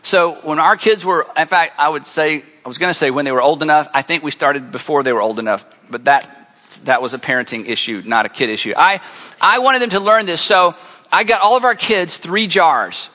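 A middle-aged man preaching a conversational sermon to a congregation, telling stories with lively energy. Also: on the high side. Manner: conversational, animated storytelling. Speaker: pastor. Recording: long hall reverb.

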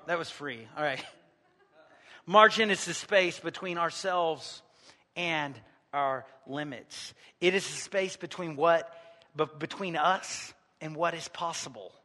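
A high, bright-voiced male pastor, preaching a sermon. His delivery is conversational and jokey, rising to loud emphasis and dropping to near-murmured asides. The sound carries a long reverb, like a large church sanctuary. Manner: conversational preaching with jokes, swinging from loud to quiet.

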